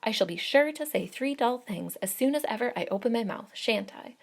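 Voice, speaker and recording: A woman's voice: a little high, animated, fairly quick, pitched above the performer's own voice. A woman doing a chattering, eager old spinster. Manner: eager, loud and fluttery. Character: chattering good-humoured older spinster.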